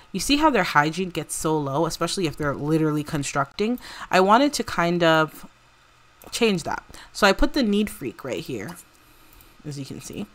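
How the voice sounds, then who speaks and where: A woman's voice: on the low side, a bit bright. Chatty young woman narrating gameplay. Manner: chatty, filler-heavy, bubbly. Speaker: let's play creator. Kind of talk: casual game commentary.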